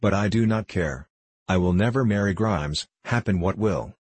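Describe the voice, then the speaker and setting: A spirited, innocent young gentlewoman, read by a man who earnestly protests her case. His own low, husky voice carries the lines. The sound is close and dry. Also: moderate pace, dry recording. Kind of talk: audiobook character reading.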